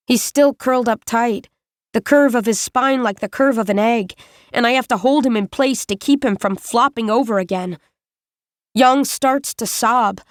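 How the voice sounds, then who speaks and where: A woman reading a first-person novel aloud as an audiobook narrator, in a measured, deliberate way. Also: a little high, no room sound, clean studio sound.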